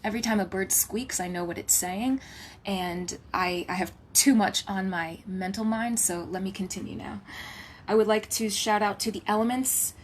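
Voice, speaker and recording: Speaking at normal speed and an ordinary middle pitch, a woman acting as a spiritual healer gives a channeled message from home. Her reverent, list-like thanks occasionally drop to a hushed whisper and are broken up by light, playful asides, over faint ambient noise.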